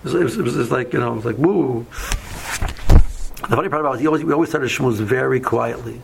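Gravelly man teaching Torah. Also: medium pitch, very fast, background noise. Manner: rambling, many fillers, mixes Hebrew and Yiddish terms. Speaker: yeshiva teacher. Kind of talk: casual Torah lecture with stories.

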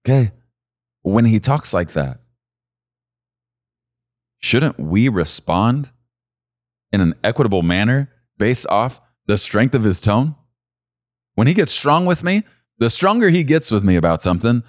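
A man preaching a sermon as pastor, swinging from low, quiet stretches to loud, high emphasis. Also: sing-song, moderate pace, long pauses, dry recording, clean studio sound.

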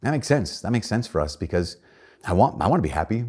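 A man's voice: big pitch swings, quick pace, a little mellow, breathy edge. A male priest giving a conversational homily, earnest, often repeating and restarting his words and acting out quoted voices. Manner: acts out quoted voices in a raised pitch.

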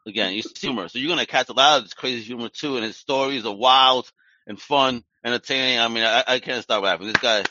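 A man's voice: medium pitch, fast talker, bright, forceful tone. A man hosting a podcast interview in a casual chat, hyped and slangy, swearing freely as he plugs his guest. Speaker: podcast host. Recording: dry, muffled lo-fi podcast audio.

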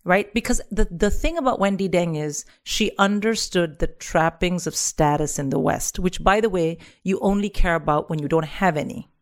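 A woman from India, a comedian guest, telling a story in a lively comic style and putting on the voices of the people in it. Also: lowish voice, normal speed, few pauses.

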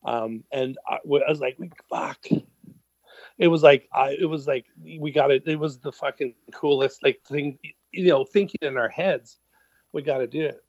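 A man's voice: fairly high pitch, normal speed, a little mellow, no echo. Rambling middle-aged man, swearing casually. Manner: rambling, heavy on fillers and swearing. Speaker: musician guest. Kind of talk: casual interview storytelling. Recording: dull lo-fi sound.

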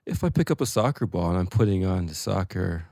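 A man's voice: low-pitched, expressive, brisk, creaky, mellow, dry recording, clean studio sound. A young adult man co-hosting a podcast in a small room, musing and self-deprecating, laughing often. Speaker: podcast co-host. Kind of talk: casual chat. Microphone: headphones and studio mic.

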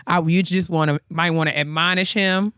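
A man's voice: a little high, steady tone, moderate pace, sharp tone, smooth, no room sound, studio quality. A man co-hosting a casual chat, sassy and dramatic, laughing often. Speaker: podcast co-host.

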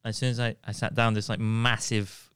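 A man's voice: fairly low pitch, normal speed, clean tone, dry recording, clean studio sound. A man, co-hosting a casual comedy podcast and telling stories while laughing between lines. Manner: animated storyteller who keeps laughing mid-sentence. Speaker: podcast co-host.

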